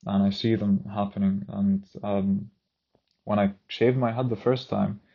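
A man talking through his feelings in a reflective personal monologue, soft-spoken and searching, full of "you know" and "like". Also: lowish voice, steady tone, a little slow, gravelly, slightly rough, lo-fi sound.

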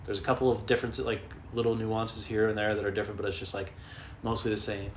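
A man telling rambling, profane stories in a casual comedic monologue, often mimicking people in high squeaky voices. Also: flat delivery, quick pace, a little hiss or hum. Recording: echoey room, faint background.

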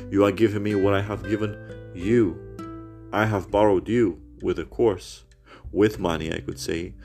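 Man, deep creaky voice, phone-recorded rant podcast; bitter, rambling, foul-mouthed. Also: darkish tone. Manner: bitter, rambling, swears heavily. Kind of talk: personal rant.

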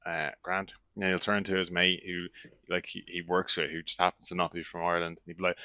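A man with a fairly low voice chatting with his mates and spinning funny anecdotes. The recording is dry and close, with a dull, lo-fi tone. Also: completely flat delivery, fast talker, pushed and bright, no room sound. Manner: storytelling, mimics a friend's accent for laughs. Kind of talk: casual chat among friends.

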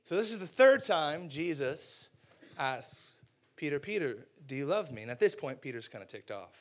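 A young man preaching a casual sermon, retelling a story with animated quoted voices and slangy asides. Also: on the high side, moderate pace.

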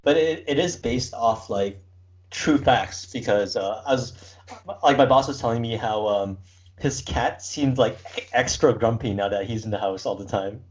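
A man's voice: medium pitch, moderate pace. Rambling man in casual chat. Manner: rambling, filler-heavy, laughs often. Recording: dull lo-fi recording.

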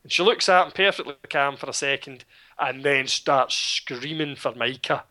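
A man's voice: medium pitch, moderate pace. A Scottish man retelling a film plot in casual chat, sardonic and swearing freely. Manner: sardonic, swearing, animated storytelling.

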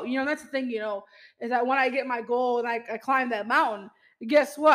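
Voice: medium pitch, fairly even intonation, fairly quick, fairly bright tone, rough recording. Motivational podcast host, direct and emphatic, swears casually. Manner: emphatic pep talk, frequent "you know" and mild swearing; speaks straight to listeners as "y'all".

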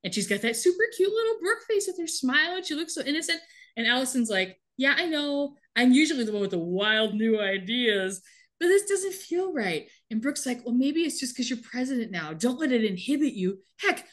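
A woman's voice: high-pitched, very animated, fairly quick, a bit bright. A woman co-hosting a casual podcast, animatedly retelling a TV episode and laughing often. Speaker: podcast co-host recapping a TV episode. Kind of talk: casual chat.

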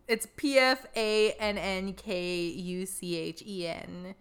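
A woman's voice: mid-range voice, slow, clear, resonant tone. A young woman co-hosting a podcast in casual chat, laughing often and poking fun at herself. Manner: giggly, self-deprecating, laughs often. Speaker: podcast co-host.

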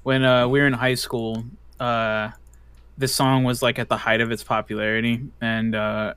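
A young man with a bright, crisp voice, chatting casually on a podcast. He rambles through anecdotes full of "uh" and "like". The sound is dry and close. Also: medium pitch, level tone, moderate pace, no echo. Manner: rambling storyteller, many fillers. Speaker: podcast co-host. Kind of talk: casual chat.

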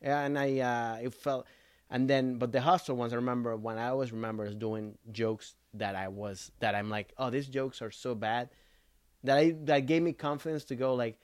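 A man of middle pitch, a comedian co-hosting a podcast. He chats in a loose, halting way with lots of fillers. The sound is dry and close. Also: fairly even intonation, clear, resonant tone, no room sound. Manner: loose and hesitant, many fillers. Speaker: comedian co-host. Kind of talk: casual podcast chat. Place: studio couch.

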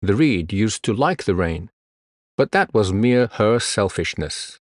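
A man reads a storybook tale aloud at a very unhurried pace. His low voice rises and falls a great deal, and the recording is close and dry. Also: big pitch swings, dry recording. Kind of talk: storybook narration.

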